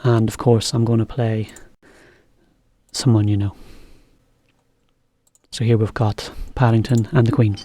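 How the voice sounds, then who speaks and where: A man teaching English in a relaxed, chatty video lesson, explaining as he goes. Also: lowish voice, unhurried, pauses often.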